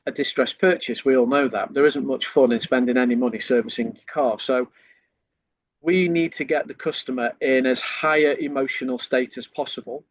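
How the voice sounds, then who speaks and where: A man's voice: medium pitch, dry recording, poor audio. A man, a sales trainer, explaining in a podcast conversation and acting out lines a customer might hear.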